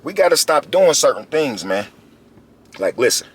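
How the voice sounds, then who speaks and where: A man giving a casual commentary monologue to his viewers, animated and slangy, repeating himself and calling out to them often. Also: medium pitch, normal speed, breathy edge. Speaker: video commentator.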